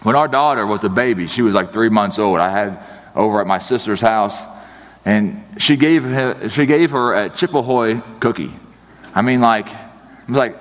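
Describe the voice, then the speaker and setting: A man's voice: medium pitch, normal speed, in a large hall. A man pastor in his thirties giving a sermon in a chatty, storytelling way, acting out the people in his stories. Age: 30s. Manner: conversational storytelling, animated.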